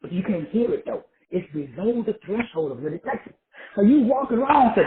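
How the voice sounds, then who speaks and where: A man's voice: high voice, sing-song, fairly quick. A man giving a rambling, profane motivational talk with a street-preacher cadence. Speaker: motivational speaker. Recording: tinny phone-like audio with faint background noise.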